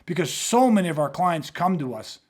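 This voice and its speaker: A man's voice: fairly high pitch, lively intonation, a little fast, a little mellow. A man hosting a podcast, telling a story in blunt, profane, intense casual talk. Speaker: podcast host.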